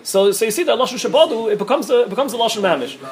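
Man, rabbi teaching Talmud, very fast delivery, frequent restarts. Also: extremely high pitch, animated. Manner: rapid, restarts often, mixes Hebrew-Aramaic terms. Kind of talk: quick Talmud study lecture.

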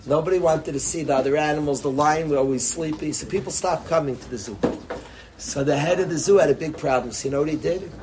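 A man telling a joke and drawing a lesson from it, in a lively, rambling way and sprinkling in Yiddish words. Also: a little high, fast talker, background noise. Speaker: storyteller and speaker. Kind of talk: animated storytelling talk with a lesson.

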